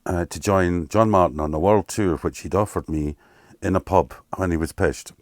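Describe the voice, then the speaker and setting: Very deep-voiced Scottish man, candid storyteller. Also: moderate pace, dry recording. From Scotland. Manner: candid, animated anecdotes with acted-out quotes and swearing. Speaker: interviewee, keyboard player. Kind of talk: casual storytelling interview.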